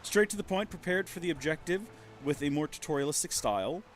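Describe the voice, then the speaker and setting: A man's voice: a little high, quick pace, a little hiss or hum. A man in his thirties chatting casually as a streamer, rambling and poking fun at himself. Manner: chatty, rambling, self-mocking. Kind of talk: casual let's-play commentary.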